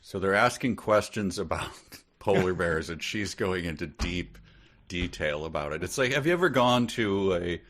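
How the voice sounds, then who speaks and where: A male podcast co-host chatting casually about a book. His voice sits low, and his talk rambles in a loose, playful way, often breaking into laughter. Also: lively intonation, normal speed, a bit bright. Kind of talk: casual comedic book discussion.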